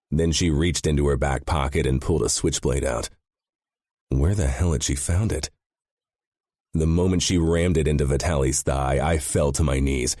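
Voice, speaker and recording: A man's voice: a bass voice, a little mellow, dry recording, clean studio sound. A man narrating a first-person audiobook with a grim, intense delivery.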